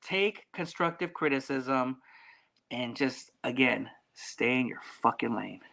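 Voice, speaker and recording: A man as a podcast guest in casual chat, talking bluntly with lots of swearing and animated swings in delivery. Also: mid-range voice, unhurried, vocal fry.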